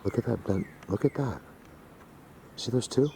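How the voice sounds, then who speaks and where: A man vlogging on a handheld camera outdoors in the woods, rambling excitedly and talking to his viewers. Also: medium pitch, normal speed, gravelly. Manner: excitable, rambling, addresses viewers as you guys. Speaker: Bigfoot hunter vlogger. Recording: noisy outdoor camera audio. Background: birds and outdoor ambience.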